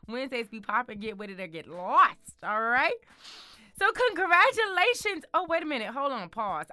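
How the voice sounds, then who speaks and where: Sassy, bright-voiced woman host. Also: a little high, clear, resonant tone, no echo. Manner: sassy, emphatic, calls listener honey. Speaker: show host. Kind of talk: casual motivational talk.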